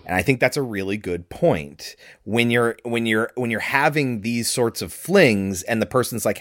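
A man's voice: medium pitch, lively intonation, moderate pace, hardly any pauses, a bit bright, no echo, studio quality. A man co-hosting a podcast, chatting casually and analytically about a film. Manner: chatty, analytical, acts out quotes. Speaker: podcast co-host.

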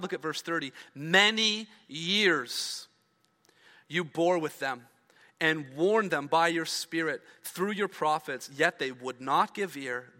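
The speaker is a pastor delivering a sermon in a high-pitched, bright, forceful voice. He reads scripture out loud before explaining it, pushing emphasis upward and letting phrases drop at the end. The long reverb of a large hall fills the recording.

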